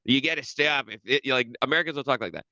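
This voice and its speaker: A man chatting on a podcast, rambling and cursing freely, circling back over his own half-finished sentences. His voice sits in a middle pitch, and the recording sounds dry and a bit dull. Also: racing, bright, forceful tone, dry recording. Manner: rambling, profane, many restarts. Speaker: podcast co-host. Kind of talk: casual chat.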